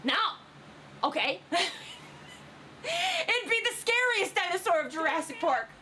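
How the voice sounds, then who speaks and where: A very high-pitched young woman, giggling and rambling as she reacts to memes. Her voice swoops all over the place. There is a faint hiss behind her. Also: huge pitch swings, slow pace. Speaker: streamer reacting to fan memes. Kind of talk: excited casual commentary.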